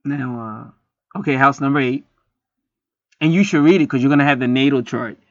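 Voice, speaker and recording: A man's voice: medium pitch, moderate pace, dry recording. A man reading an astrology chart aloud in a rambling, profane, joking monologue. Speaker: astrology reader. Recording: slightly muffled lo-fi recording.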